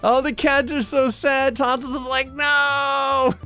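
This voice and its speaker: A man's voice: very high voice, steady tone, moderate pace, a bit bright, faint music behind. A man narrating a life-simulation playthrough in casual, wry commentary with sudden jumps upward when he laughs. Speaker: gameplay commentator. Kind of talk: casual let's-play commentary.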